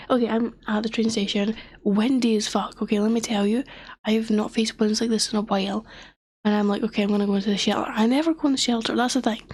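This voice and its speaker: In a slightly high voice with no room sound, a young streamer relates a story in casual conversation. She is lively but often goes down to a whisper, and a sore throat has worn her voice.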